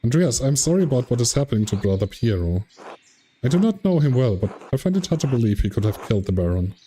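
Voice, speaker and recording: A man's voice: mid-range voice, very animated, fast talker, dark tone, a little hiss or hum, close to an everyday voice. A man voicing an earnest, polite male scholar who is determined to find the truth.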